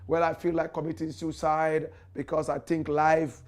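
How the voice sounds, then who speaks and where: A profane, exasperated American guy drawls and curses through every sentence, as a man puts him on. The voice sits high for a man and runs loose and rambling. It comes across as crude and fed up. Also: little pitch movement, normal speed, natural voice.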